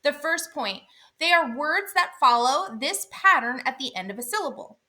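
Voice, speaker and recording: Female phonics teacher, higher-pitched and bright, clear and deliberate delivery. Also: animated. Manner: clear, deliberate, sounds out letters. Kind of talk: instructional explanation.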